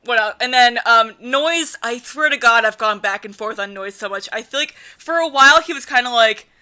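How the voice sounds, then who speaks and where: A woman chats and reads through a visual novel, rambling with fillers. Her voice is very bright and slightly high. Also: normal speed. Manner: rambling, filler-heavy, laughs often. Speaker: visual novel let's player. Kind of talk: casual let's play chat and reading aloud.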